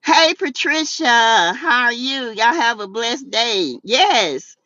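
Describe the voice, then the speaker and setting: Southern lady dishing gossip, sassy n animated, kinda high voice, dry muffled mic. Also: takes it slowly, dry recording. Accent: Southern US, South Carolina. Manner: sassy, animated, laughs often, dialect-rich Southern speech. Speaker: YouTube talk show host. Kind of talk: casual gossip commentary reading live chat.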